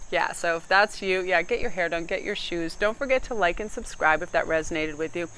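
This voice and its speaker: A woman's voice: on the low side, moderate pace, a bit bright, smooth, low-quality recording. A woman giving a chatty tarot reading to camera, joking and laughing often as she talks. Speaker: tarot card reader. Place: outdoors. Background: faint crickets and insects.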